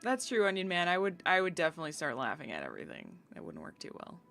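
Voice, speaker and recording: A woman's voice: fairly low pitch, huge pitch swings, fast talker, gravelly, fairly bright tone, soft background music. An American woman streaming live, chatting casually with viewers in a giggly, filler-heavy way.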